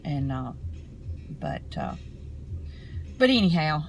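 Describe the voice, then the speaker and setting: A woman's voice: deep voice, wildly swooping pitch, creaky, a little hiss or hum, poor audio. Woman vlogging from her car. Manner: earnest, rambling, halting storytelling. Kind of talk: casual talk to camera.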